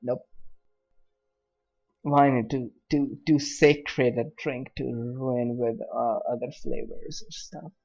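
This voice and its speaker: A man's voice: medium pitch, lively intonation, takes it slowly, gravelly, darkish tone, lo-fi sound, faint music behind. A man streaming a game and chatting casually with friends over voice chat, teasing and laughing often.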